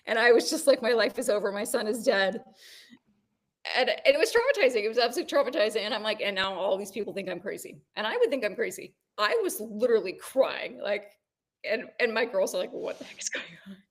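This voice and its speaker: Animated woman telling a story. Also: fairly high pitch, fast talker. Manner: animated storytelling, rising when excited. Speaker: podcast co-host. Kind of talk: casual chat.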